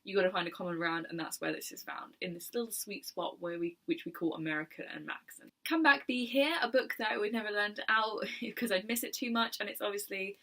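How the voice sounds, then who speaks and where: A young woman chatting casually about books in her video, enthusiastic and quick to laugh. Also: mid-range voice, bright, forceful tone. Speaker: book vlogger. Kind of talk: casual chat.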